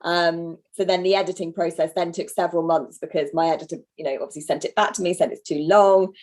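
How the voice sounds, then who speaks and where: A woman in her thirties, an author, chatting quickly and self-deprecatingly as a guest over a video call. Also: on the low side, fairly even intonation, darkish tone.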